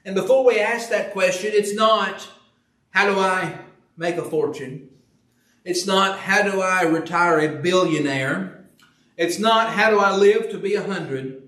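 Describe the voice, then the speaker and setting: A man with a high voice preaches a sermon, posing earnest rhetorical questions and reading scripture. He sounds set back from the microphone, and his voice rings around a church sanctuary. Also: measured pace, fairly bright tone, recorded from a distance. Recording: echoey room, voice from off the mic.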